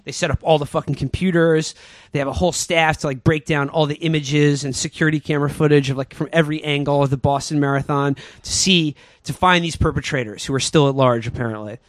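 A man tells a movie plot as a sarcastic, rambling comedy recap. His voice sits a little high, and the sound is dry and close. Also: fairly even intonation, fast, dry recording. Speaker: podcast host.

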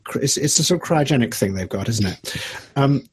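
A man's voice: mid-range voice, animated, fairly quick, husky. A man, a documentary filmmaker, talking through his ideas as an interview guest, musing and argumentative with many restarts. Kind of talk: animated interview talk.

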